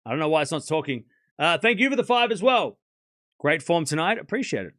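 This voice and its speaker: A man with a high, ringing voice hosts a live tennis watchalong. His pitch jumps around a lot as he calls each point in a chatty play-by-play, thanks donors and breaks into laughter. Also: fairly quick. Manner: chatty play-by-play, reads out donations; laughs often, excitable. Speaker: tennis stream host.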